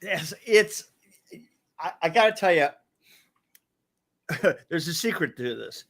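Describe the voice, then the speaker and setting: A man co-hosting a podcast in casual banter, easygoing and wry, quick to laugh. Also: a little high, expressive, fairly bright tone. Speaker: podcast co-host.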